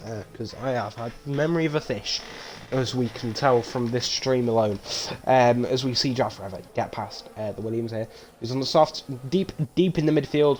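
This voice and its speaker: A man giving live race commentary on a stream, with casual, rambling, self-mocking banter that turns loud and excited when incidents happen. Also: mid-range voice, slight background noise. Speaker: sim racing league commentator.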